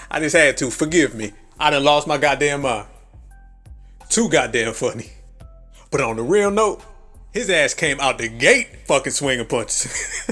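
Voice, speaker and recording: A man's voice: fairly high pitch, sharp tone. A man hosting a live commentary stream, brash and heavily profane, laughing at his own jokes. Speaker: livestream commentary host.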